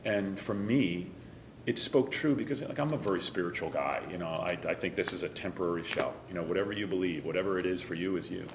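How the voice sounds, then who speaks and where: A man, a stage actor, talking in an interview in an earnest, emotional way and dropping to a soft whisper at times. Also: low-pitched, quick pace, roomy sound, noisy background. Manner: earnest and emotional, some lines softly whispered. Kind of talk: reflective interview talk.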